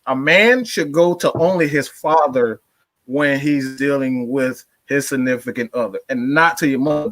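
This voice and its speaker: A man's voice: on the high side, a bit bright. A man as a guest in a casual podcast chat, hesitating and restarting as he puts a question to the group.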